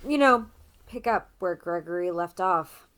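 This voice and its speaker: A breezy male defense attorney talks in slang and teases easily, played by a woman. His manner is relaxed and playful. It is a game character read by a fan. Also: on the low side, unhurried, background noise. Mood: teasing. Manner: casual, teasing, slangy.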